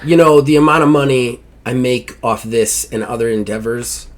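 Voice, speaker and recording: A man's voice: mid-range voice, moderate pace. Casual male podcast host. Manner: upbeat, swears casually, wraps up with plugs.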